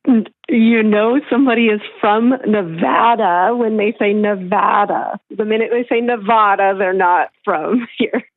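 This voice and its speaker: A woman with a slightly high voice calls in to an advice show, her tone steady and her pace moderate. She asks her question hesitantly, with lots of fillers, and the telephone line makes her sound tinny.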